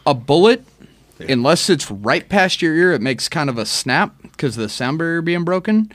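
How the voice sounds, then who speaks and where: A man, an army veteran and guest on a podcast, telling stories in a casual chat with animated, profane delivery. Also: fairly high pitch, moderate pace, dry recording.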